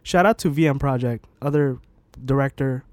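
A man's voice: medium pitch, normal speed, a little mellow, dry recording. A young man co-hosting a podcast in an easygoing casual chat, often drawling and trailing off. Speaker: podcast co-host.

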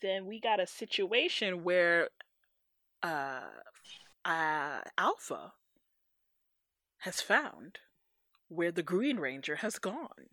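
A woman in casual podcast chat, animated and slangy, often acting out characters' lines. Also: fairly low pitch, slow pace, long pauses, dry recording, studio quality. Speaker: podcast co-host.

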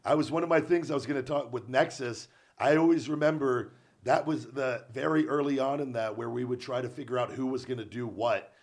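A man's voice: medium pitch, steady tone. A man in his thirties hosting a podcast, speaking earnestly and encouragingly in casual chat. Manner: earnest, encouraging, quick to agree. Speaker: podcast host.

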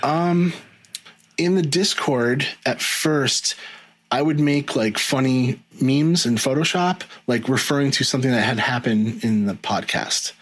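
A man's voice: mid-range voice, unhurried, poor audio. A middle-aged man talking casually as a podcast guest, rambling with many ums and restarts. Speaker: guest, video editor.

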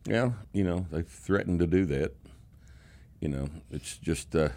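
A man's voice: sits low, unhurried, vocal fry. An older man hosting a casual talk show, rambling and getting worked up, with frequent fillers. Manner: rambling, animated about politics, trails off with fillers. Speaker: podcast host. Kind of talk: casual chat.

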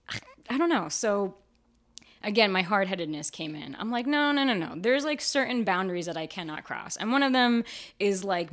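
A woman actor and writer talking frankly in a casual interview, full of "like" fillers, her voice jumping high whenever she quotes herself. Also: a bit bright. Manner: chatty and frank, fillers like "like", jumps high when quoting herself. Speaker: actor and writer, podcast guest.

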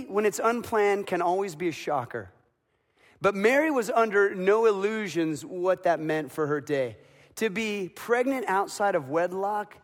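A man preaching a dramatic sermon as a pastor, building to loud emotional peaks. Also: high voice. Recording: long reverb of a large hall.

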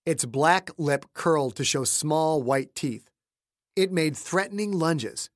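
A man narrates a thriller audiobook with dramatic delivery. His voice sits a bit high, and he shifts between hushed and shouted lines. The close studio recording is dry. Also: takes it slowly, dry recording. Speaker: author and narrator.

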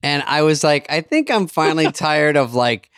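A man co-hosting a podcast, chatting casually with quick reactions. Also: fairly high pitch, animated, a bit bright, clear, resonant tone, no room sound, clean studio sound. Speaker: podcast co-host. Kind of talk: casual chat.

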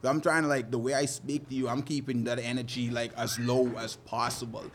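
A man's voice: medium pitch, level tone, fairly quick, a little hiss or hum. A man working as a fishing guide, talking loosely and animatedly in an interview, often laughing. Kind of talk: casual interview talk.

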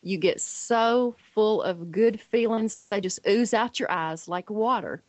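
A middle-aged woman shares family stories on a radio show, lively and expressive, lifting her voice for the quoted lines. Her voice sits at a middle pitch. The recording is close and dry. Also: measured pace, dry recording, poor audio. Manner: animated storyteller who acts out the quoted voices. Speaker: radio guest.

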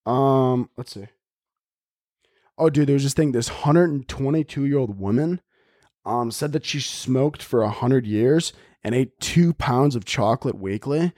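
A young man hosting a podcast, talking in a rambling, profane comedic monologue into a studio mic on a boom arm. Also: measured pace, darkish tone, no room sound. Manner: rambling, profane, acts out stories in voices. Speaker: podcast host.

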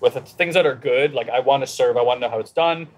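A man in a casual conversation, telling a personal story in an animated way and acting out his inner dialogue. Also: mid-range voice, quick pace.

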